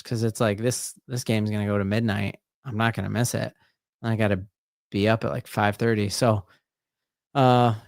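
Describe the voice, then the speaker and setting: A man hosting a live play-by-play watch-along as a sports fan, excitable and breaking into shouted exclamations, rambling and restarting his sentences. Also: medium pitch, clean tone, no echo, studio quality. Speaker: sports fan stream host.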